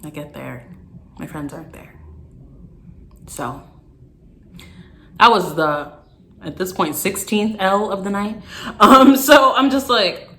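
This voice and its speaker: A young woman tells a storytime for her vlog in a bright, forward voice. She retells it animatedly, exasperated, mid-pitched. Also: normal speed, pauses often. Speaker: vlogger.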